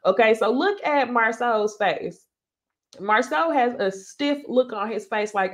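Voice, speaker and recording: A woman hosting a live reality TV recap, chatting casually to her viewers in slang with lively asides. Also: on the high side, a little slow. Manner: chatty and animated, talks straight to viewers with slang and laughs.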